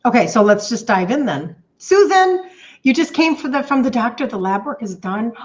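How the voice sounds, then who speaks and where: Gushing fifty-something woman coach greeting viewers on a live, kinda high voice, slightly dull lo-fi audio. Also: animated, normal speed. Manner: bubbly, gushing, reads out viewer comments. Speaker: health coach. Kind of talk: live stream chat with viewers.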